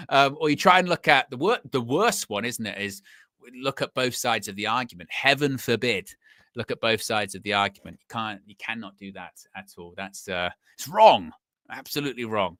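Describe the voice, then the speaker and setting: A young man hosting a live football fan stream, chatting in an animated way and laughing often. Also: mid-range voice, moderate pace, dry recording, clean studio sound. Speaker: football fan channel host.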